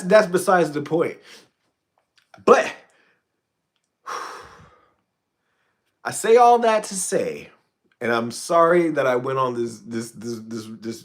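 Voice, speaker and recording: A man hosting a casual livestream, ranting in a profane, rambling way with frequent stammered restarts. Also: medium pitch. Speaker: channel host.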